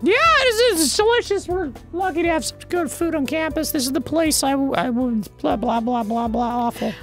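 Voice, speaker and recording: A woman's voice: very high voice, expressive, a little fast, music in the background. A woman voicing a bossy, teasing schoolgirl best friend in a casual fan dub of a dating game, in a mocking, dramatic manner.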